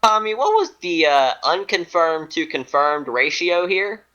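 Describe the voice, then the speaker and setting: Lively singsong man reading off a list. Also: fairly high pitch, a little slow, muffled recording. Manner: reads items in a rising-then-falling singsong, laughs often; giggly, self-mocking. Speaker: podcast co-host. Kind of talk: casual chat reading a list.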